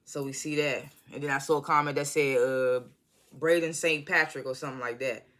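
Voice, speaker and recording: American vlogger reviewing a tv episode on a phone, bright and punchy, super casual, lots of slang and do-overs. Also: medium pitch, fairly even intonation, brisk. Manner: loose, chatty, full of slang and self-corrections. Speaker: TV show reviewer. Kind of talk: casual rambling video review.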